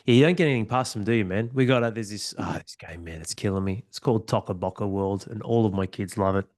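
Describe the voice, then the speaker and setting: A man hosting a podcast, chatty and friendly in manner. He talks fast in a fairly low voice. He keeps calling his guest mate as he asks his questions. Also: a little mellow. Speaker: podcast host. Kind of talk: casual interview.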